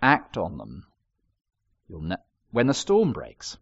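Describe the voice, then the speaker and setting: A man's voice: sits low, takes it slowly, creaky, husky, muffled recording. An older man preaching a sermon, telling stories with wry humour. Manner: expressive storytelling with wry humour.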